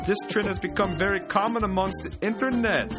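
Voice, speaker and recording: A man reading a listener letter in a put-on Jamaican accent, halting and tacking "mon" onto his sentences. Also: high-pitched, music in the background, pitched above the performer's own voice, natural voice. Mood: mock earnest. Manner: halting, breaks into laughter, tacks on "mon". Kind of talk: comic letter reading on a podcast.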